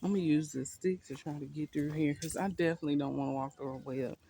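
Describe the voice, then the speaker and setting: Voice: mid-range voice, steady tone, fast talker, mellow, a little hiss or hum. Brief: friendly backyard gardening vlogger, a little winded, outdoors on a phone, laughs a lot. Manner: chatty, laughs often, thinks aloud. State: a bit winded. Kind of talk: casual vlog walk-through.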